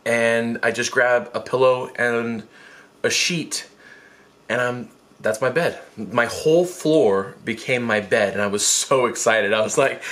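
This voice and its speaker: Animated young man telling a funny story. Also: measured pace. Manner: animated, self-mocking, jumps into high squeaky voices for quotes. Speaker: vlogger. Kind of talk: comic storytime monologue.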